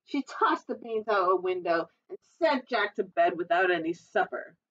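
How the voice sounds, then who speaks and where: A librarian reading a children's storybook aloud, adding chatty, giggly asides. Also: female voice, lowish voice, expressive, normal speed, fairly bright tone. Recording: dull, distant recording.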